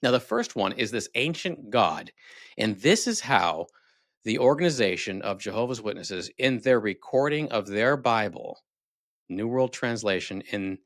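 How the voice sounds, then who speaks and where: A man's voice: on the low side, a bit bright, no echo, studio quality. Sarcastic man delivering critical commentary. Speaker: video host. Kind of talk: casual commentary.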